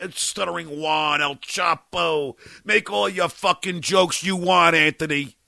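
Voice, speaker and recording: A man's voice: a little high, vocal fry, no room sound. A middle-aged man hosting a podcast, ranting angrily with stammers and swearing. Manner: stammering, furious, profane, shouting at times. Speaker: podcast host. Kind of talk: angry on-air rant.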